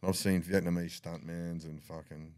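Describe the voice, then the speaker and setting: Deep-voiced Australian man telling rough yarns. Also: flat delivery, moderate pace, a little mellow, no echo, clean studio sound. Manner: profane, laughing yarn-spinner. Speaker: guest. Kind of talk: casual storytelling.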